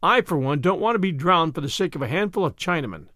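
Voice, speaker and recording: A man's voice: on the high side, animated, quick pace, a bit bright, no echo, clean studio sound. A man doing a whining cowardly deputy. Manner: whining, whimpering.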